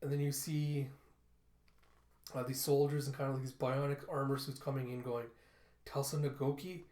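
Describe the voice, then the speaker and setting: A man's voice: medium pitch, completely flat delivery, moderate pace, darkish tone, reverberant. A man casually narrating a comic book read-through, loose and hesitant with fillers. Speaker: comic reviewer.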